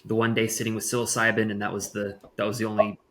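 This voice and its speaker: A man's voice: fairly low pitch, monotone, quick pace, fairly bright tone. A man interviewing, asking short prompting questions.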